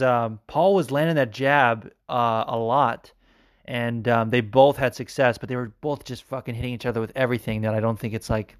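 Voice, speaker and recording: Rambling male podcast host. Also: medium pitch. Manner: rambling, laughs often, many fillers. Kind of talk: casual chat.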